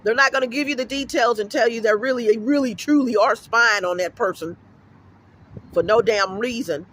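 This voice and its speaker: A man's voice: very high-pitched, moderate pace, pushed and bright. A middle-aged man vlogging outdoors at an apartment complex, telling a rambling, emphatic story full of cursing. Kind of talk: casual vlog rant.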